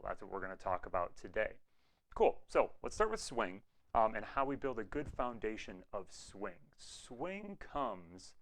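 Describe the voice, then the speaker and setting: A man with a somewhat low voice leads an online music lesson. He explains clearly and patiently, now and then scatting rhythm syllables to show the feel. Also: a bit bright, poor audio. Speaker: music teacher.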